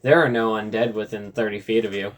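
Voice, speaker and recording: A man's voice: fairly low pitch, fairly even intonation, fairly quick. Laid-back male game master; rambling, filler-heavy narration. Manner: loose and casual, many fillers, laughs easily.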